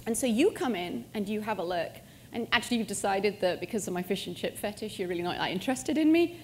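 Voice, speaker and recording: A middle-aged woman presenting a live software demo at a conference, joking and self-mocking as she goes. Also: mid-range voice, expressive, quick pace, hardly any pauses, slight background noise. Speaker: conference speaker. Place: conference hall stage.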